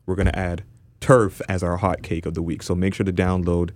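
A man's voice: low voice, little pitch movement, fairly quick, a little mellow, no room sound. A man from Toronto, co-hosting a casual podcast and ranting passionately with lots of restarts. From Toronto, Canada. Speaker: podcast co-host.

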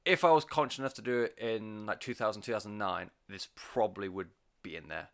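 A man's voice: fairly low pitch, fairly quick, vocal fry, fairly bright tone. A man giving a casual, enthusiastic music review, rambling with plenty of fillers and swearing. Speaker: album reviewer.

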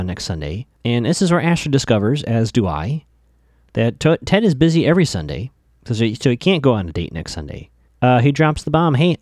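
A man's voice: medium pitch, a little mellow, no echo, studio quality. A man casually recapping a TV episode, chatty, with lots of fillers, stammered restarts and asides to his listeners.

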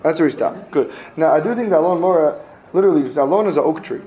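Guy teaching a class, kinda high voice, reads a bit then translates it, lots of "okay?" and repeats. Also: animated, fast, warm tone, low-quality recording. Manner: reads phrase by phrase, translating each; asks students questions, repeats himself. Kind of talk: Mishnah class reading and translating.

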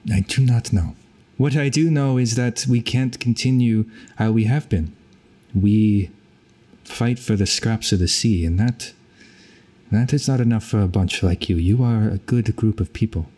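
A man voicing a weary, stony male pirate captain who speaks quietly and in a measured way. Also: fairly low pitch, breathy edge. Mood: grave.

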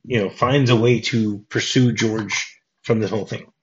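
A man hosting a casual film podcast, talking in halting bursts and often repeating his words. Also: fairly low pitch, steady tone. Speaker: podcast host. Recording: dull lo-fi podcast audio.

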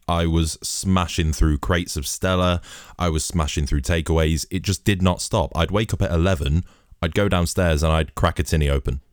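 Young podcast host, very low voice, dry close sound, swears freely while telling a story. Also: male voice, dry recording. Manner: sweary, animated anecdote telling. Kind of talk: casual storytelling monologue.

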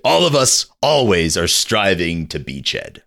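Man doing a deep hammy alien announcer. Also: big pitch swings, unhurried, creaky, bright, forceful tone, exaggerated voice. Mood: hammy welcoming. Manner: overly polite, hammy announcer delivery. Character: friendly male alien greeter in announcer voice.

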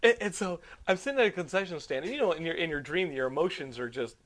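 Animated, profane male podcast host. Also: on the high side, quick pace. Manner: profane, rambling and animated storyteller. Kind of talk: casual podcast storytelling.

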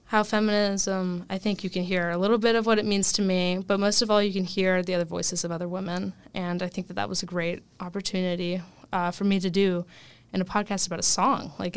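Young adult woman, casual interviewee, smooth yet gravelly tone, lots of fillers and laughter. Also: mid-range voice, no echo. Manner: chatty, many fillers and laughs, animated. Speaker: student guest.

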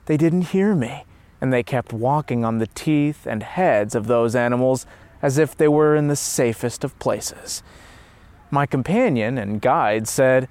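A man telling a story in steady, earnest scripted narration. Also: medium pitch, a little slow, dry recording.

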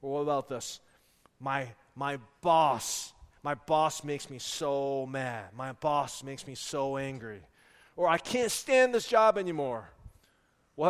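A man in his thirties preaching a sermon, telling humorous stories about his family in an animated way, recorded in an echoey church hall. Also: sits high. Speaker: pastor.

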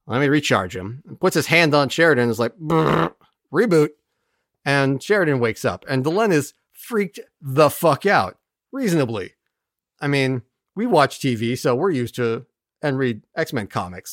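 Animated, sarcastic podcast recapper. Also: mid-range voice, no room sound, clean studio sound. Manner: animated, sarcastic, swears, mimics characters. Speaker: podcast host summarizing an episode. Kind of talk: casual comedic recap.

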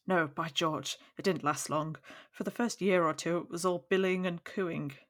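A woman's voice: on the low side, fairly even intonation, normal speed, a bit bright, natural voice. Woman reading a chatty, gossipy old lord. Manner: chatty, gossipy storytelling with exclamations. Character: fat jovial older male lord, gossipy. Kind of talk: audiobook character reading.

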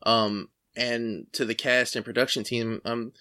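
A man with a bright, forceful voice hosts a podcast interview. He rambles and halts, restarting his sentences. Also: mid-range voice, flat delivery, clear, resonant tone. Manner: rambling, halting. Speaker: podcast host. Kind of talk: casual interview chat.

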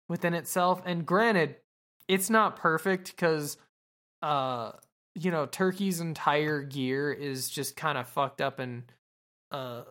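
A woman's voice: low-pitched, fairly bright tone. A woman podcast host casually recapping an anime episode, rambling and swearing with lots of fillers.

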